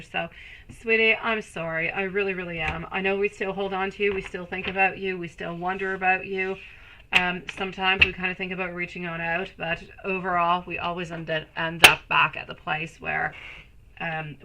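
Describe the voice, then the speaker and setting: A woman in her thirties doing a live tarot reading, soft and soothing, calling viewers sweetie and turning bubbly when she greets the chat. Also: lowish voice, background noise. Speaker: tarot reader.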